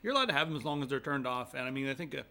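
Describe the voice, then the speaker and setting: A young man co-hosting a casual chat show, telling stories animatedly and dropping into quick impressions. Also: mid-range voice, gravelly. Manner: animated storyteller who slips into quick voice impressions. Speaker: co-host.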